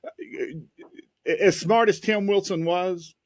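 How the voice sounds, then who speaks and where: A man hosting a casual podcast chat, who talks emphatically and repeats himself with halting restarts. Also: high-pitched, no room sound, studio quality. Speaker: host.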